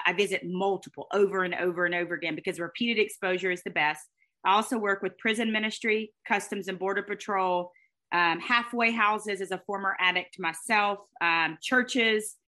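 A middle-aged woman, a guest telling her story in an expressive, fast way. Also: medium pitch. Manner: fast, expressive, with faith talk and laughter. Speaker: guest, speaker and former sportscaster. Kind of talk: animated storytelling interview.

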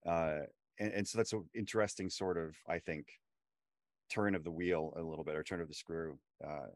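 A man's voice: sits low, normal speed, dry recording. A man co-hosting a casual TV discussion podcast, building his points with frequent restarts. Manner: animated, restarts often while building a point. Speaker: podcast co-host.

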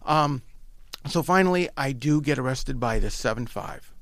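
A man from Long Island telling his story in a casual, animated way, repeating phrases and often restarting. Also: medium pitch, normal speed, dry recording. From Long Island, New York.

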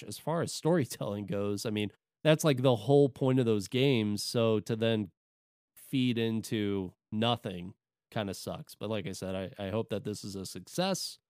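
Guy rambling about games, smooth clear voice, dry close mic. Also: lowish voice, darkish tone, no echo. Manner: rambling, with many fillers and restarts. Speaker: podcast co-host. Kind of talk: casual chat about video games.

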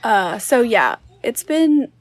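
A woman chatting casually, telling stories in a slow drawl and laughing along. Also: on the high side, sing-song. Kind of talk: casual chat.

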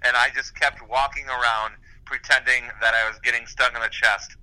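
Bright-voiced rambling man on a phone. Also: medium pitch, fairly even intonation, moderate pace, poor audio. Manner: rambling, laughs easily. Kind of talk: casual chat. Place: pacing around while on a phone call.

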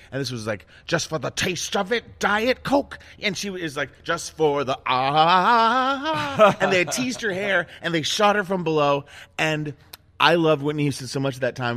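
A middle-aged man hosting a casual chat, telling self-mocking stories in a lively, animated way. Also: medium pitch. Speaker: host.

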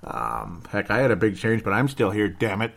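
A man's voice: on the low side, very animated, normal speed, gravelly, fairly bright tone. A man hosting a sports show alone, talking casually, sarcastic and rambling, with mock outbursts. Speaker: sports podcast host. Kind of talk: casual solo sports commentary.

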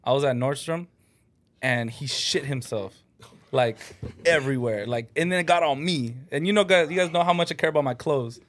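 A man's voice: medium pitch, moderate pace, a bit bright. A man telling an anecdote on a casual podcast chat, easygoing and full of likes and ums. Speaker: podcast co-host.

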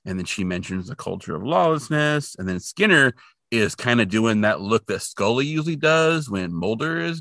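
A man with a lively, swinging pitch and a bright edge talks through a TV episode in casual podcast chat. He is sarcastic and animated, and he acts out the characters' quotes. The sound is close and dry. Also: vocal fry, no room sound. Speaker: podcast co-host.

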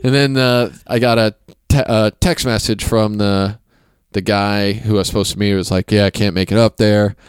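A man in his thirties from Kansas City, hosting a podcast and telling rambling anecdotes with quick impressions. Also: on the low side, flat delivery, clear, resonant tone, dry recording. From Kansas City, USA. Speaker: podcast host. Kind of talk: casual chat, storytelling.

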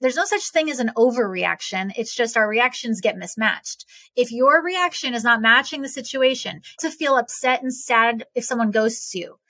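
Podcast guest, woman; animated and blunt; bright tone, slightly high; dry, close sound. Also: moderate pace, few pauses, no echo. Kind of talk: conversational explaining.

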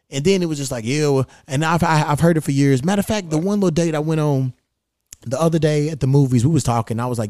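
A man's voice: a little high, lively intonation, fast, darkish tone, dry recording, studio quality. Blunt, foul-mouthed man ranting on a podcast. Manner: blunt, profane, frustrated venting. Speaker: podcast host. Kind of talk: casual podcast rant. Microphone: stand microphone.

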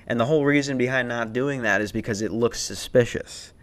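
A man's voice: medium pitch, brisk. Profane rambling young man telling stories. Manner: rambling, profane, laughing, with many restarts. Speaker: podcast host. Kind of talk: casual storytelling chat.

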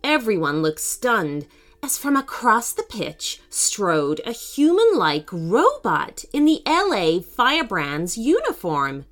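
A woman narrating a children's story as host of a podcast, in an expressive, sing-song storyteller's manner. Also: medium pitch, slow pace.

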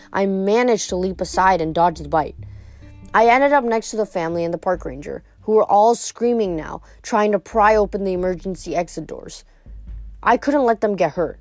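A woman's voice: medium pitch, a little mellow, dry recording. Woman reading a novel aloud. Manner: plain reading with small slips and restarts. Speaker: reader of a novel.

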